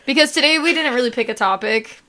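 A woman's voice: a little high, expressive, fast talker, bright, forceful tone. A young woman co-hosting a podcast, chatting casually with lots of fillers and laughter. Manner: giggly, rambling with fillers. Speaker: podcast co-host. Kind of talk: casual chat.

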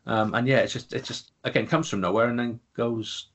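A man's voice: medium pitch, brisk, fairly bright tone. A man co-hosting a casual podcast, rambling in exasperation about a bad film's scenes. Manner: exasperated, rambling, restarts often. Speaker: podcast co-host. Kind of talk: casual film review chat.

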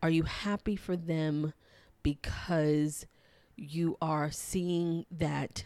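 Low-voiced woman in reflective self-help talk. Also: fairly even intonation, takes it slowly, darkish tone, dry recording. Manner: reflective, repetitive, filler-heavy, laughs lightly. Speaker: podcast host.

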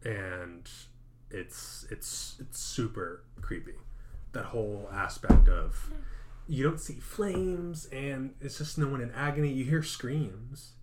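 A man co-hosting a podcast, casually recapping a horror film in animated storytelling that acts out quotes. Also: medium pitch, slow, noisy background. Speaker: podcast co-host.

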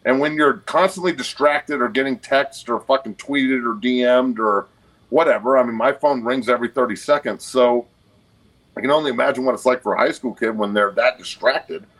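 A man's voice: mid-range voice, normal speed, fairly bright tone, low-quality recording. A man in his forties, a guest on a podcast, talking bluntly and emphatically with a lot of swearing. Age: 40s. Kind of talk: casual podcast conversation.

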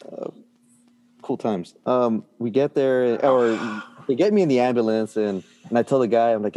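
A man's voice: medium pitch, fairly even intonation, a little slow, mellow. A middle-aged man telling a story in a casual chat, full of fillers and restarts, often laughing. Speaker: guest.

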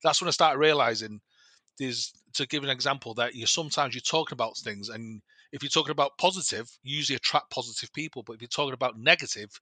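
Bright, rambling man telling a story. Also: mid-range voice, fast talker, no echo. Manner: rambling, many restarts and self-corrections; animated retelling with quoted dialogue. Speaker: guest. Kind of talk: casual storytelling.

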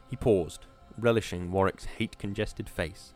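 A man narrating a story as an audiobook, in a steady, measured way. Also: fairly low pitch, faint music behind.

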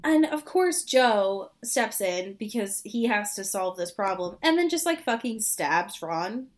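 A woman's voice: mid-range voice, lively intonation, measured pace. A woman co-hosting a casual chat that recaps a TV show, sarcastic and exasperated, swearing freely. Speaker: podcast co-host.

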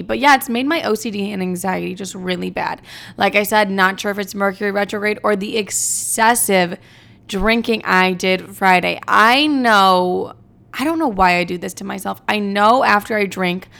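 Young woman with heavy vocal fry. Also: mid-range voice, fairly bright tone. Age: 20s. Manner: blunt, profane and rambling. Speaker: podcast host. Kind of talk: casual confessional chat.

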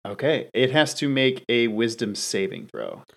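A man's voice: mid-range voice, huge pitch swings, moderate pace, vocal fry. A man playing a tabletop role-playing game. He talks in a chatty, hesitant way, often restarting a sentence before he gets it out. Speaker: player.

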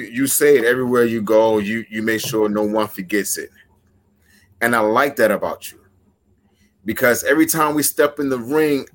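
A pro wrestler cutting an intense, rhythmic wrestling promo, threatening and deliberate. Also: male voice, mid-range voice, a bit bright.

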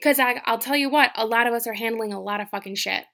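Bright, emphatic young woman giving advice. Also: on the high side, fast. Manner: earnest, emphatic, swears freely, lots of "like" and "right?". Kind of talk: casual advice monologue.

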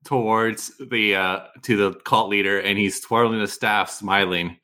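A man playing a tabletop role-playing game, excitedly narrating his character's actions in halting bursts. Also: fairly low pitch. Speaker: player.

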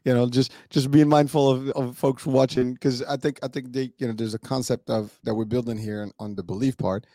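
A man's voice: mid-range voice, steady tone, brisk, hardly any pauses, warm tone, no room sound, studio quality. A male talk-show co-host speaking hesitantly, voicing the doubts of critical viewers. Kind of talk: casual talk-show chat.

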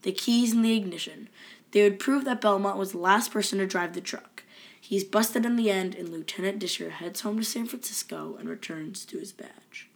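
A woman co-hosting a casual podcast, moving from a read-out episode summary into playful back-and-forth chat. Her voice sits at a middle pitch for a woman. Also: normal speed. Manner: reads a plot summary then chats playfully. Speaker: podcast co-host.

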